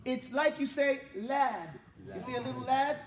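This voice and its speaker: A man with a fairly high voice leads a pronunciation drill, sounding out syllables and correcting his students. He is recorded from a distance in a reverberant classroom. The murmur of the class is clearly audible around him. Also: a crowd in the background. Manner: corrective, repeats drills and models sounds slowly. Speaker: Quran teacher.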